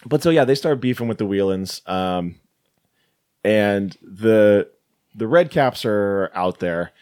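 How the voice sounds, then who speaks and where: A man co-hosting a podcast, retelling movie scenes in a casual, swearing way. His pitch swings widely as he quotes lines and breaks into laughter. The talk is loose and chatty. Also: takes it slowly, clear, resonant tone. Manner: animated, swearing. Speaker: podcast co-host. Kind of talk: casual chat reviewing a film.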